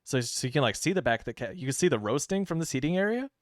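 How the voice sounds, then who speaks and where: A man's voice: a little high, animated, rapid-fire, no room sound, studio quality. A man from the American Midwest giving casual, chatty commentary while playing a game on stream, joking to himself as he goes. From Midwestern United States. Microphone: streaming microphone.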